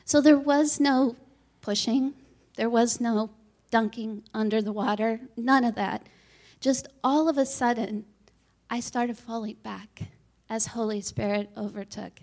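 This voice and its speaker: A woman with a high, light voice tells her testimony earnestly. She speaks with animated, heartfelt storytelling energy. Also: measured pace. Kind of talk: church testimony talk.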